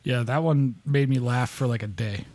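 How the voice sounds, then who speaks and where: A man co-hosting a podcast, self-deprecating and full of halting restarts in casual chat. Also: medium pitch, darkish tone. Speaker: podcast co-host.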